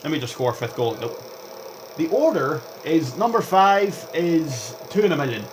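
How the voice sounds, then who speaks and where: A young man rambling through gameplay commentary as a vlogger, chatty and excitable, jumping between topics and reacting aloud to the game. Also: on the high side, normal speed, slight background noise. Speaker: gaming vlogger.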